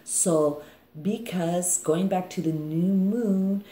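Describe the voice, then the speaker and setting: A woman's voice: lowish voice, takes it slowly, dark tone. A woman astrologer and life coach giving a casual forecast. She rambles and keeps checking in with her listeners by asking "okay?". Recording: echoey room.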